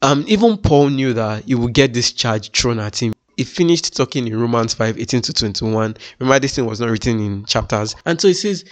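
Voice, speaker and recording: Male preacher from Nigeria, earnest sermon delivery, mid-pitched voice with emphatic rises. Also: expressive, brisk, few pauses. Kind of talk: sermon-style teaching.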